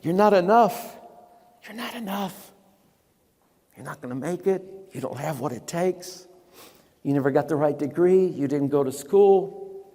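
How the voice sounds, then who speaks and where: A man voicing a hushed taunting spirit. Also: fairly high pitch, normal speed, voice pushed down, natural voice. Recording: long hall reverb.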